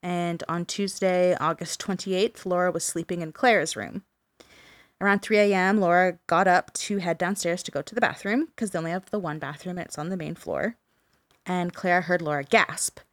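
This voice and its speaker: Podcast co-host, woman, lowish voice, casual storyteller, dry close sound. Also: fairly even intonation, moderate pace, dry recording. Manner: casual, swears, many fillers like "like" and "um".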